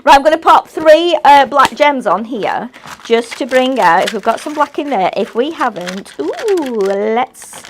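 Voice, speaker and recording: A woman's voice: on the high side, a little hiss or hum. A woman demonstrating crafts on a live show, talking in a chatty, rambling, self-mocking way. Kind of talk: live shopping craft demo chat.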